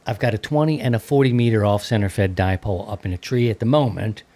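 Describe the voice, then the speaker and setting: A man's voice: fairly low pitch, fast talker, gravelly, dark tone. A man hosting a radio-hobby podcast in a loose, rambling, casual chat with many fillers. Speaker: podcast host.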